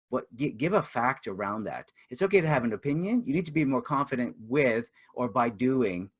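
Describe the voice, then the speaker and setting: Brief: middle-aged male communications trainer, relaxed and conversational, full of fillers. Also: medium pitch, breathy edge. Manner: chatty, many fillers, acts out example dialogue. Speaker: webinar presenter and communications trainer. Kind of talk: interactive webinar teaching.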